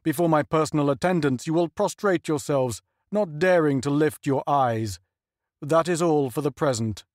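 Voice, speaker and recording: A man's voice: a little high, moderate pace, darkish tone, no echo, studio quality, natural voice. A man voicing a harsh, arrogant male tyrant lord giving orders in an audiobook.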